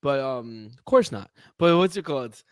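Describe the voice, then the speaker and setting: Smooth-voiced man riffing on sports. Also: medium pitch, normal speed, no echo, clean studio sound. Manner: animated, jokey, hesitant with fillers. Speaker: podcast co-host. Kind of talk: casual sports chat.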